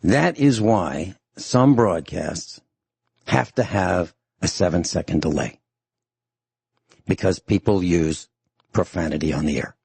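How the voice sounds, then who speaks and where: Deep gravelly stern radio host man. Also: slow pace, darkish tone, no echo. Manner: stern, emphatic, repeats his points. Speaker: radio talk show host. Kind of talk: radio talk show monologue.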